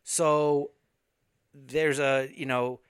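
A man hosting a casual movie podcast, telling stories loudly, laughing and swearing. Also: medium pitch, little pitch movement, very slow, smooth. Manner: loud, laughing storyteller who swears. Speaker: podcast host.

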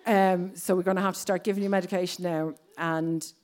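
A woman's voice: lowish voice, fairly even intonation, brisk, a little mellow, slight background noise. A woman in her thirties with an Irish accent, telling a personal story on stage and acting out other people's lines. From Ireland.

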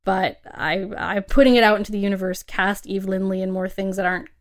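A woman's voice: mid-range voice, level tone, fairly quick. A young adult woman co-hosting a casual film podcast, chatty and emphatic, laughing often. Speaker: podcast co-host.

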